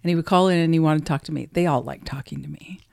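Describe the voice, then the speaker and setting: Middle-aged lady on a podcast, kinda low voice, laughs a lot, dry close sound. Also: very fast, gravelly, dry recording. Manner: giggly, chatty, animated storytelling. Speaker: podcast co-host. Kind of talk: casual chat.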